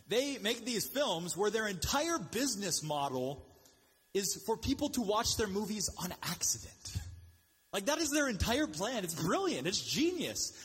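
A man preaching a sermon in an animated, joking way, with quick asides and mocking voices for the people he quotes. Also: sits high, husky, in a large hall. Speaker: pastor.

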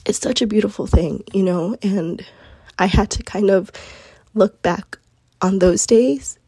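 A woman's voice: medium pitch, measured pace, mellow, breathy edge, no room sound. A young woman hosting a casual solo podcast, earnest and chatty, her voice groggy as if she's sick. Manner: earnest, chatty, lots of fillers. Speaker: podcast host.

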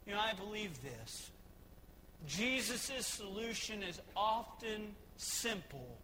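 A man preaching a sermon, building to shouted emphasis with repeated rhetorical questions, over faint room ambience. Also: sits high, sing-song, slow pace, in a large hall, a little hiss or hum, rough recording. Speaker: pastor.

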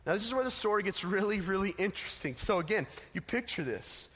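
A man's voice: high-pitched, lively intonation, fast talker, a bit bright, slightly rough. A man preaching a casual, emphatic sermon to teenagers as a youth pastor, telling a story, in an echoey hall.

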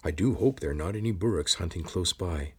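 A man's voice: low-pitched, brisk, fairly bright tone, slightly rough. A man voicing a loyal, formal male lizard who speaks with careful deference in a storybook reading. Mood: earnest, anxious. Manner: formal, deferential, calls everyone sir, no contractions.

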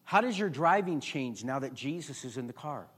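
A man pastor preaching a sermon to a congregation, chatty and conversational, building to loud emphatic peaks. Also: mid-range voice, animated, moderate pace, breathy edge. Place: church before a congregation.

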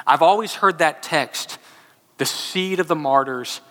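A man preaching a sermon, telling a lively story and then dropping to a hushed, solemn tone for scripture. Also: a little high, measured pace. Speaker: pastor. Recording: long hall reverb.

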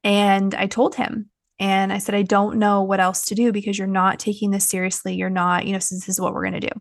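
A woman's voice: mid-range voice, little pitch movement, fairly quick, dry recording. Candid chatty woman podcaster, dry sound. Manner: frank and chatty, many fillers. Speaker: podcast host. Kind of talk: candid personal podcast talk.

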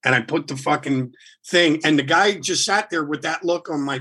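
Husky-voiced man telling a wild story. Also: fairly high pitch, normal speed. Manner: animated, rambling with restarts. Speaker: guest musician. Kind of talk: casual storytelling, swearing freely.

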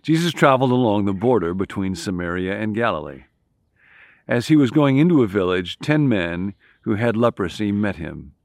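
A man's voice: sits low, no room sound, clean studio sound. A man preaching a sermon, building his points through emphatic repetition. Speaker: pastor.

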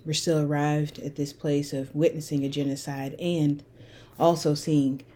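Woman podcast host, lower register, earnest and impassioned solo talk. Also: level tone, unhurried, dark tone. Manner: earnest, impassioned, rising to anger. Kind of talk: reflective solo podcast monologue.

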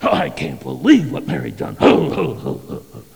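A man's voice: medium pitch, sing-song, normal speed, vocal fry, a little mellow, slightly rough, pitched below the performer's own voice, full character voice. A man acting out a crowd of indignant male disciples, groaning and wailing in exasperation, in a reverberant hall.

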